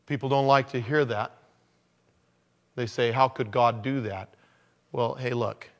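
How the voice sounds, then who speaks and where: A man preaching a conversational sermon, dropping to low murmurs and then rising to loud, emphatic lines. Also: steady tone, a little slow. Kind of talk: sermon on evangelism.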